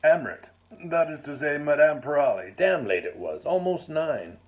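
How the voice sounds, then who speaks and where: A man's voice: fairly high pitch, lively intonation, moderate pace, voice pushed up, lightly acted. A man voicing a bluff, lecherous aristocratic old lord who speaks in clipped, blustering phrases. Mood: blustery. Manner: clipped, blustering upper-class talk.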